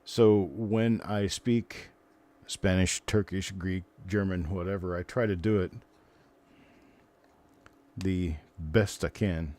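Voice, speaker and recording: Low, mellow-voiced older man. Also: steady tone, takes it slowly. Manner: rambling, chatty, greets and answers viewers. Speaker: live stream host. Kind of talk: casual live stream chat.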